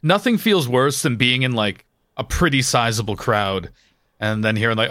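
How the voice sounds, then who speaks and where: A man with an Essex English accent chats in a sardonic, sweary way. His voice sits at a middling pitch. The recording is close and dry. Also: normal speed, a bit bright, no room sound. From Essex, England. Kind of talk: casual chat.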